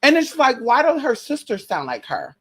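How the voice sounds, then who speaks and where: A woman vlogger in a casual, profane gossip rant, brash and sassy, full of pet names and shout-outs, sometimes jumping into a shrill, mocking high voice. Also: wildly swooping pitch, normal speed, slightly rough. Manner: mocks others in a shrill high voice.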